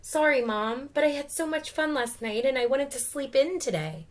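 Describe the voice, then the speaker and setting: A woman puts on a fun-loving green mascot creature from a storybook, a male who loves sleeping in. He sounds bright and excited, pitched above her usual voice and a touch louder. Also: moderate pace. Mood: sleepy excuse.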